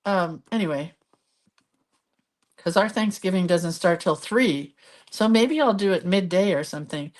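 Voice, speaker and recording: A middle-aged woman in a relaxed, rambling live craft stream. She talks her way through each page she shows. Now and then she breaks off to answer viewers by name. Her voice sits a little low for a woman. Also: a little slow, long pauses. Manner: chatty, rambling, reads viewer comments aloud. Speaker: craft video host. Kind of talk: casual live crafting chat.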